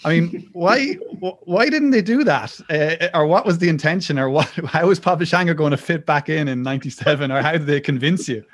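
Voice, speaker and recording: A man's voice: a little high, fairly quick, few pauses. A man hosting an interview, asking rambling questions. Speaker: interview host.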